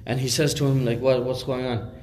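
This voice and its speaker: A man's voice: medium pitch, flat delivery, a little fast, a little mellow. A man telling a story in a conversational sermon, with many fillers and restarts and recited Arabic phrases. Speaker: Islamic speaker.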